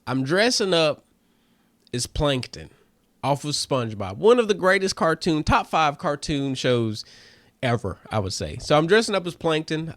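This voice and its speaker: A man's voice: mid-range voice, no echo. A comedian hosting his own show, chatting casually and loosely to listeners with lots of fillers and calling them family. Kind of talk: casual solo chat to listeners.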